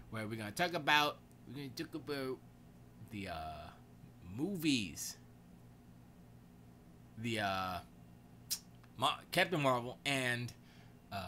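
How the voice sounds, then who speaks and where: A man hosting his own podcast, chatting casually and rambling in a slangy, animated storytelling way. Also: mid-range voice, a little hiss or hum. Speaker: podcast host.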